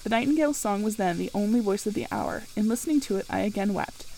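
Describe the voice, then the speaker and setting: A woman reading a classic novel aloud in the first person, measured and storytelling. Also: medium pitch, lively intonation, gravelly, mellow, slight background noise. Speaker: audiobook narrator.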